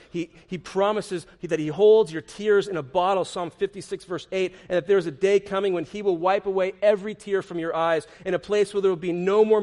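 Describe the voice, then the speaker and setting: High-voiced man preaching with passion. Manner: passionate preaching, swinging from loud urging to hushed tenderness; quotes scripture verses. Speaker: pastor. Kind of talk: sermon.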